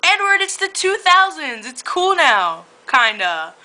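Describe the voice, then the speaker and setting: A woman's voice: high voice, big pitch swings, unhurried, sharp tone, pitched above the performer's own voice, heavily acted, low-quality recording. A woman doing a snarky flirty werewolf guy. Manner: snarky, giggly reading.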